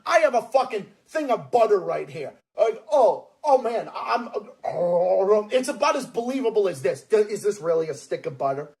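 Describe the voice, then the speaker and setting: A man with a Massachusetts accent ranting loudly and profanely in a mocking, angry online video. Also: sits high, big pitch swings, normal speed, vocal fry, hardly any pauses. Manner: profane, loud, mocking outbursts.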